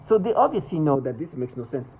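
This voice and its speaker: A man's voice: fairly high pitch, sing-song, fast, a little mellow, slight background noise, rough recording. A man talking to the camera in an agitated personal monologue, rambling with restarts and repetitions. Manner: rambling, restarts and repeats, mimics others' laughter. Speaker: vlogger.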